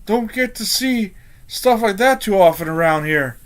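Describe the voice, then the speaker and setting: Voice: mid-range voice, expressive, moderate pace, voice pushed up, natural voice. A game master voicing a nervous male camp guard who stammers and panics easily. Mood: awkward.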